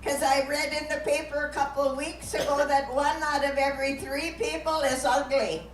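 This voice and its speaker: A woman's voice: high voice, little pitch movement, normal speed, background noise. A woman with a Minnesotan accent doing live stage comedy, teasing the audience with a folksy laugh and bursts of song. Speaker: comic performer. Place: live show venue. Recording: echoey room from far off, live music.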